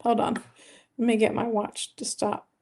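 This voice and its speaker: A woman's voice: on the high side, little pitch movement, normal speed, darkish tone. A woman hosting a weight-loss live stream from home, chatting casually and rambling as she greets and thanks viewers.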